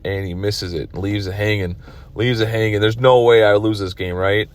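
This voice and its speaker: A man's voice: lowish voice, fairly even intonation, normal speed. A tired man commenting on his own pool match from his car, rambling and self-critical. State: tired, yawning. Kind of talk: casual video commentary.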